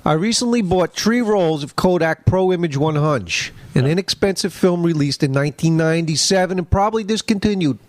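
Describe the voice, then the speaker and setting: A man's voice: a little high, animated, brisk, few pauses, a little mellow, no room sound. A man co-hosting a podcast, reading listener letters aloud in a jokey, casual way. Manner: jokey, breaks into put-on voices. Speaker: podcast co-host.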